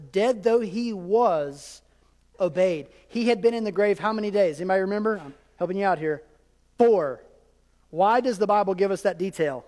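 A man's voice: high voice, darkish tone. A man preaching a sermon, talking to the congregation in a conversational way and tossing asides to the crowd. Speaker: pastor. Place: church sanctuary. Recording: long reverb of a church hall.

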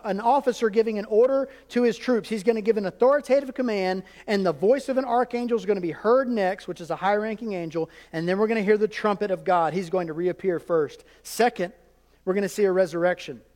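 High-voiced pastor preaching in a reverberant hall. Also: male voice, fairly quick, a little mellow. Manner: conversational preaching with asides to the congregation. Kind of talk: sermon. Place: church sanctuary. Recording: long reverb of a church hall.

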